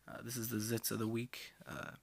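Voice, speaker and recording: A man hosting a casual comic-strip review show, speaking in a dry, offhand way with frequent pauses. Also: on the low side, monotone, vocal fry.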